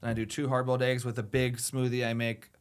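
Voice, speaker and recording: A man's voice: mid-range voice, little pitch movement, quick pace, background noise. A man in his forties with a nasal voice, chatting bluntly and rambling on a casual podcast. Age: 40s. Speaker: podcast guest.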